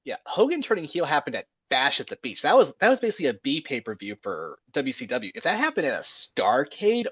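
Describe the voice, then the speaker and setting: A man co-hosting a podcast in casual chat, lively and emphatic. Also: on the high side, a little fast, husky, no echo. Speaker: podcast co-host. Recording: dull, dry lo-fi mic.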